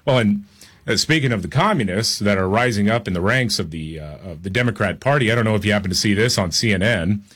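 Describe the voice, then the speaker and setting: Male radio co-host, low-pitched, sarcastic and opinionated, casual banter. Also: animated, a bit bright, slightly rough. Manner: opinionated, sarcastic, fast asides. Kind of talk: casual political talk radio chat.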